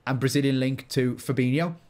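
A man with a Scouse accent from Liverpool, chatting casually as a guest player, thinking out loud and laughing easily. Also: medium pitch, fairly even intonation. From Liverpool, England. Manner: chatty, self-questioning, quick to laugh. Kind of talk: casual gaming chat.

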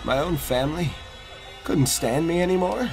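A man's voice: on the high side, normal speed, vocal fry, over music, pitched above the performer's own voice. A man voicing a ghostly mother in a game, reproaching her son for abandoning her. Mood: accusing. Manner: reproachful, pleading. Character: ghostly mother, wounded and accusing.

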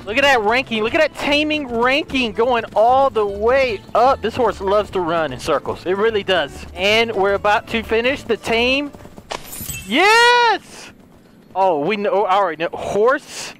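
A young man with a high, bright voice commentates his own gameplay. His delivery swings widely up and down, excitable and playful, with casual swearing. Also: moderate pace, few pauses. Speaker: gaming YouTuber.

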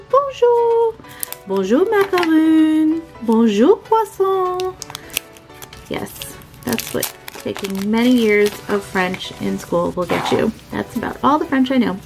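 A woman's voice: fairly high pitch, creaky, poor audio. A woman narrating a toy unboxing in a sweet, gushing, sing-song way.

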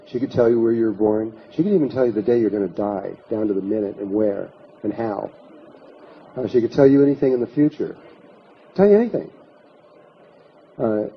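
A man's mid-range voice is heard giving a storytelling lecture, narrating an anecdote and quoting others himself. There's a touch of hiss or hum, and the sound is slightly muffled.

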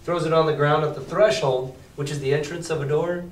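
A male teacher reads a novel aloud to his class and stops to explain it, putting the story into casual, chatty slang. His voice sits a little high. It sounds roomy and distant, as if recorded from the back of the classroom. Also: steady tone, a little fast. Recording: roomy classroom, mic far off.

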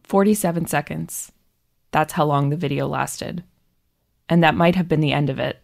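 A woman calmly narrating a scripted piece of narrative journalism. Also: deep voice, moderate pace, vocal fry.

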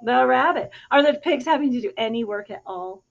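A woman reading a picture book aloud to a child in an animated, expressive way, pausing to ask questions. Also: sits high, vocal fry. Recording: dull lo-fi recording.

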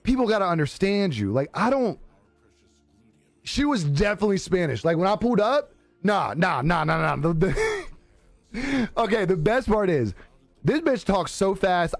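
A man live streaming, telling a story in casual chat, animated and laughing often, acting out the voices he quotes. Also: high-pitched, unhurried, long pauses, dry recording, soft background music.

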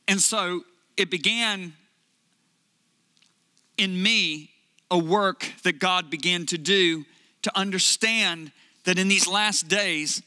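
Bright high-voiced man preaching in a hall. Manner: earnest, emphatic storytelling with drawn-out pauses. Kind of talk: sermon storytelling.

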